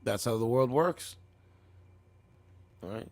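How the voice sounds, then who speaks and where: A man's voice: medium pitch, expressive, slow pace, creaky, pauses often, a little mellow. A man giving loose, rambling casual commentary on clips as a streamer, often saying "man" and "bro".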